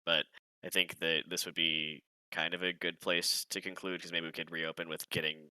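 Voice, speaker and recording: A man running a tabletop game as game master, in a relaxed, rambling way. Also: sits low, normal speed, no echo, low-quality recording.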